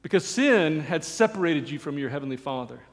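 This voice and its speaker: Male pastor, sermon, earnest, fervent emphasis, high voice, echoing church hall. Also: animated, fairly quick. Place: church sanctuary.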